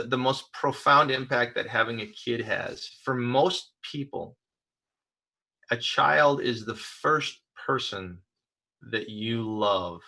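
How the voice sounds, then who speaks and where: A man pastor giving a conversational sermon, telling personal stories in a relaxed, hesitant way with many fillers and restarts. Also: mid-range voice, vocal fry, poor audio.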